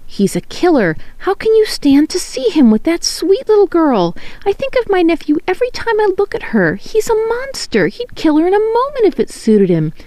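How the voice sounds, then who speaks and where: A woman's voice: very high-pitched, wildly swooping pitch, normal speed, hardly any pauses, darkish tone, no room sound, voice pushed up, full character voice. A woman doing a fierce, accusing noblewoman. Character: fierce, bitter noblewoman, the king's sister-in-law.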